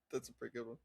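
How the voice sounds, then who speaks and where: A young man co-hosting a podcast, telling stories, giggling often and acting out voices. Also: darkish tone. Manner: giggly, breaks into laughter, acts out voices in stories. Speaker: podcast co-host. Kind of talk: casual chat and storytelling.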